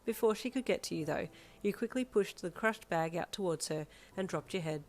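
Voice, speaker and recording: A woman reading a fanfiction story aloud in second person, with calm, even storytelling. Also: on the low side, a little fast. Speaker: fanfiction reader.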